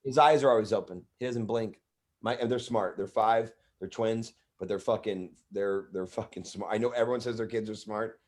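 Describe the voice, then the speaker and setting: A man's voice: lowish voice, normal speed. Rambling, profane man telling stories. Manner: rambling, profane, animated bits. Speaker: comedian guest. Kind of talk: casual storytelling.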